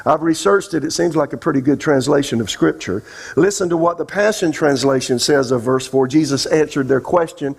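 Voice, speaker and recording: Emphatic pastor preaching. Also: male voice, on the high side, normal speed, slightly rough. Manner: emphatic, asks the congregation questions. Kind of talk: sermon. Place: church sanctuary.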